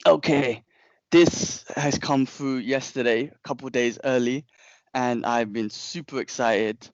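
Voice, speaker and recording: A young man, a podcast co-host telling a long story in casual chat, animated and rambling, with frequent restarts and slang. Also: mid-range voice, measured pace, no echo, dull audio.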